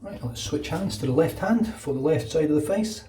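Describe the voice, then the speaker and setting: A man's voice: a little high, animated, mellow, distant mic, a little hiss or hum. Chatty Glaswegian man in an echoey room. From Scotland. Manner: chatty, fast-talking, asides like "know what I mean". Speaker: wet shaving channel host. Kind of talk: casual talk over a shave.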